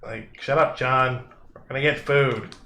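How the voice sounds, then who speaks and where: A man's voice: mid-range voice, fairly even intonation, a little slow, sharp tone, reverberant. A man voicing Dave, an impatient male giant in a tabletop game who snaps at his companion. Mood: irritable. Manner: snappish, bossy.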